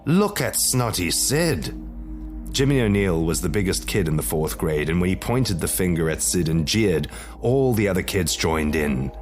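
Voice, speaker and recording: Male narrator, deep voice, scripted horror story, measured and dramatic, music underneath. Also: lively intonation, a little mellow.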